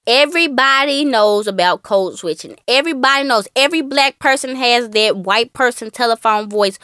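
A woman co-hosting a casual podcast, talking with animated ups and downs and mimicking other people. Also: fairly high pitch, moderate pace, clean tone, dry recording, clean studio sound. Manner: animated, mimics voices with laughs. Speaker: podcast co-host.

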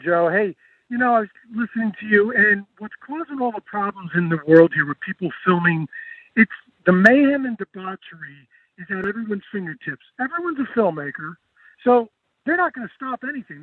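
A man's voice: high-pitched, animated, fairly quick, husky, dry recording. A man from New Jersey calling into a radio show, emphatic and repeating his point. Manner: emphatic, repetitive. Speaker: caller. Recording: phone line.

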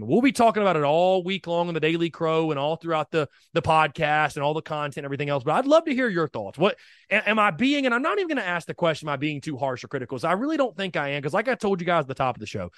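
A man's voice: a little high, a bit bright, no echo, clean studio sound. A man hosting a sports podcast, talking energetically and with strong opinions, speaking straight to his listeners. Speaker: podcast host.

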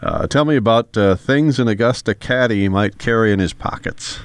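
A man's voice: on the low side, moderate pace, smooth, no echo. A man hosting a radio interview in an easygoing, chuckling way. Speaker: radio show host. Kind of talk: casual interview.

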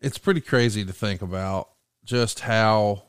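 A man hosting a podcast in casual chat, retelling stories with lively jumps in voice when quoting others. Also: on the low side, a little slow, clean tone, dry recording, clean studio sound. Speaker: podcast host.

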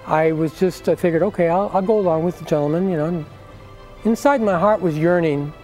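A man's voice: a little high, a little fast, darkish tone, faint music behind. An older man giving an earnest personal faith testimony, acting out the voices of people in his story.

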